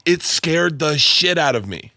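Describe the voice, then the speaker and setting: A man in his forties co-hosts a podcast, telling crude stories with a lively, swooping delivery. His voice is bright and forward, and he breaks into loud laughter. The sound is dry and close. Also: on the high side, measured pace, no echo. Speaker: podcast co-host. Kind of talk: casual storytelling chat.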